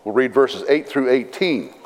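A pastor giving a sermon, reading scripture in a measured, deliberate way with dry asides. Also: male voice, medium pitch, expressive, slight background noise. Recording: long reverb of a large hall.

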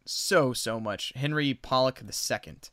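A male co-host talking casually on a podcast and looping back to correct himself as he retells the story. His voice is bright and crisp. It sounds close and dry, with no room around it. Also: medium pitch, a little slow, dry recording. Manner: rambling, self-correcting recaps. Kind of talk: casual chat.

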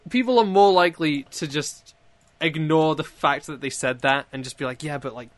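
A young man in a casual online group chat, animated and swearing, laughing often. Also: on the high side, moderate pace, dry recording. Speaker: friend in chat. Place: online voice call.

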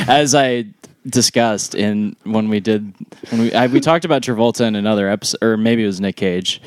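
A man's voice: lowish voice, no echo, clean studio sound. A man co-hosting a casual podcast chat, rambling, swearing often and laughing. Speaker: podcast co-host.

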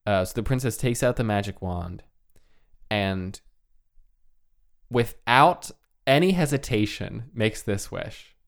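A man's voice: fairly low pitch, animated, slow pace, gravelly, pauses often. A man casually retelling a fairy tale with wry humor, using fillers, as a podcast co-host. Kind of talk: casual comedic storytelling.

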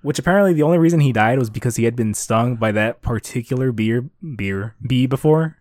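A man's voice: fairly quick, no echo, clean studio sound. A man co-hosting a casual podcast, recapping anime episodes in a chatty way full of filler words. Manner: chatty, lots of likes, jumps to higher pitch when excited. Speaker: podcast co-host.

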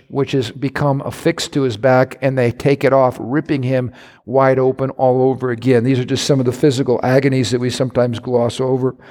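Male pastor, mid-pitched, dramatic sermon delivery, long hall reverb. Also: a little mellow. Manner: dramatic, rising to high voices for quoted mockers.

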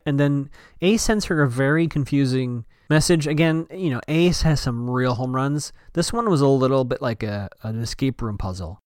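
A man's voice: medium pitch, dry recording, clean studio sound. A man casually recapping a TV episode as a podcast host, chatting and thinking aloud with many fillers and restarts.

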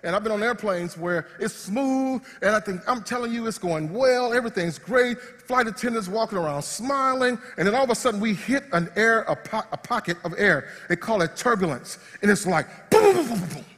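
A man preaching a sermon as pastor, swinging between loud praise and hushed, quiet asides. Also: sits high, normal speed, hardly any pauses. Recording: long hall reverb.

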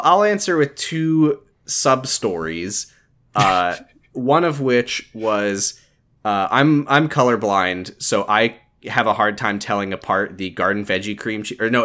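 A man's voice: fairly low pitch, animated, unhurried, sharp tone. A young man co-hosting a podcast, telling stories in casual chat with blunt, wry remarks. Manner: wry, blunt reactions with swearing. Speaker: podcast co-host.

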